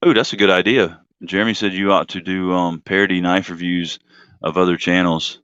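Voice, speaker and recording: A man's voice: sits low, steady tone, a little fast, a bit bright, clean tone, no room sound, lo-fi sound. A man hosting a casual live-stream chat, rambling and self-deprecating, laughing often. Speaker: host.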